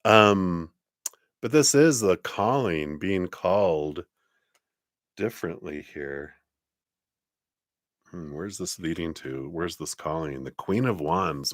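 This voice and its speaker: A man with a very low voice gives a live tarot reading. He talks in a chatty, loose way, laughing often and leaning on fillers. The sound is close and dry. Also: lively intonation, slow, long pauses, dry recording. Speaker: tarot reader.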